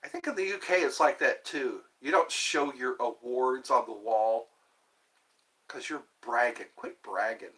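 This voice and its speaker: A man's voice: medium pitch, a little slow, pushed and bright. A man in his fifties rambling through a solo livestream, talking to himself and jumping from one topic to the next. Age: 50s. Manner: rambling, talks to himself, jumps between topics. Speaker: livestream host.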